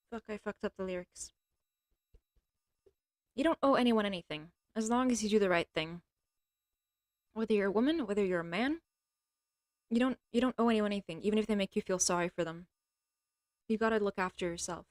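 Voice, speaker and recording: A woman with a slightly mixed American accent chatting casually on a livestream, rambling and playful, often trailing off into quiet mutters. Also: mid-range voice, brisk, pauses often, no room sound, clean studio sound. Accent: American mixed with another accent. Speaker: live streamer.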